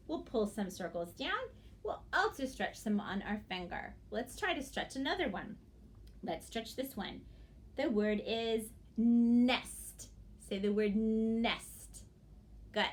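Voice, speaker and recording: Woman phonics teacher, slightly high voice, stretches sounds, cheers kids on. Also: expressive. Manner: slow, exaggerated sounding-out of words; encouraging praise. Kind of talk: early literacy lesson for young children.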